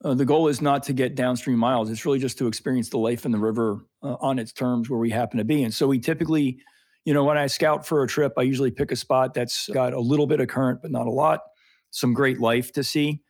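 A man's voice: medium pitch, fast talker, no echo. A man in a mid register talks eagerly about fish and streams, leaning on little fillers as he explains. The sound is dry and close, with no room around it. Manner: animated, explains with lots of fillers. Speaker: freshwater snorkeling guide. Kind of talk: enthusiastic explanatory interview talk.

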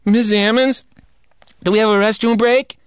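A man voicing an excited, pleading young schoolboy in a spoken story. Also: normal speed, smooth, dry recording, clean studio sound, lightly acted. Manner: eager, shrill, pleading. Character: high, excited young boy, the narrator as a child.

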